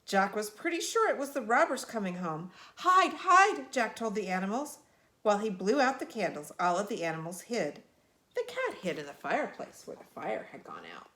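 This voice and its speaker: A woman reading a picture book aloud in an expressive, animated way. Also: mid-range voice, a little fast. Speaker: storyteller.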